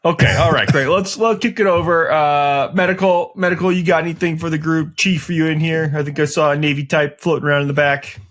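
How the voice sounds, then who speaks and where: A man co-hosting a podcast, briskly moderating a mock military brief. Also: a little high, fairly even intonation, fairly bright tone. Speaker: podcast co-host.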